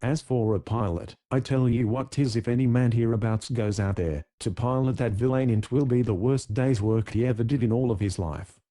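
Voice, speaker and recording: A man doing a hoarse, husky drunken pirate captain. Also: medium pitch, normal speed, hardly any pauses, dark tone, lightly acted. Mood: boastful.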